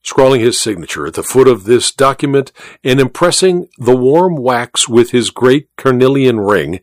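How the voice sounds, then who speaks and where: A man narrating a story in an expressive audiobook style. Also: mid-range voice, moderate pace, dry recording.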